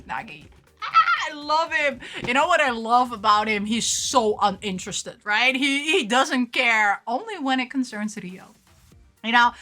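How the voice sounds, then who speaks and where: A woman vlogger chatting casually while unboxing figures, excitable and gushing, often gasping and laughing. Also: high-pitched. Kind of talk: casual chat.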